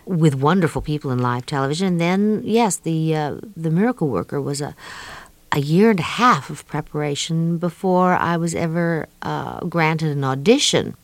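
A middle-aged woman from New York, a guest speaking thoughtfully in an interview and pausing often with fillers. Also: deep voice, no room sound. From New York, USA. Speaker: guest, author of an autobiography. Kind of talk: reflective interview talk.

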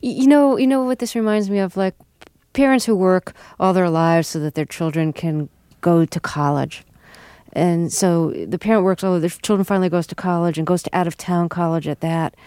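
Smooth mellow-voiced interviewer. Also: mid-range voice, fairly even intonation, moderate pace, no echo, clean studio sound. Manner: probing, thoughtful. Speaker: interviewer, radio host. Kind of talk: interview questions.

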